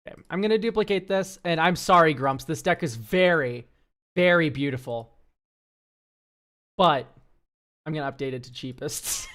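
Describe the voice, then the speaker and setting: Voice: medium pitch, moderate pace, a bit bright. A streamer who reviews viewer decks, talking casually to chat, ranting and swearing freely.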